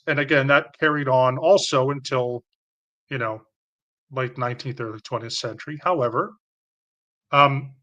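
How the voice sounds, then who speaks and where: A man's voice: medium pitch, bright, forceful tone. A man with a Canadian accent, hosting a live stream and explaining a topic in a rambling, unscripted way with many fillers and restarts.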